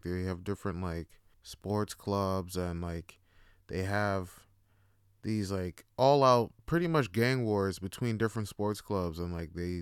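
A man's voice: mid-range voice, smooth, no echo, clean studio sound. A young man hosting a solo talk show, rambling profanely and casually, often laughing and acting out little scenes. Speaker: podcast host.

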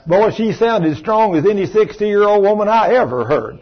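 A man preaching a folksy, emphatic sermon, his voice a touch high and husky. The sound is dull and lo-fi, like an old recording. He drops plain conversational asides between his points. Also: animated, moderate pace.

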